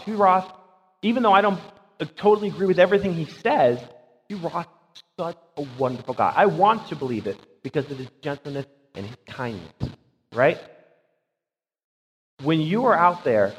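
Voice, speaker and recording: A man's voice: a little high, breathy edge. A man preaching a conversational sermon as pastor, emphatic and often checking in with a rhetorical "right?". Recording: dull sound with long hall reverb.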